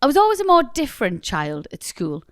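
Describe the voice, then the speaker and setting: A young woman co-hosts a podcast and reads a listener's story aloud. Her voice sits a little high and moves a lot in pitch as she lays on the drama. The sound is dry and close, with no room around it. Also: a little fast, no echo. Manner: expressive, laughs often. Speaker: podcast co-host. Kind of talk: casual chat, reading a listener story aloud.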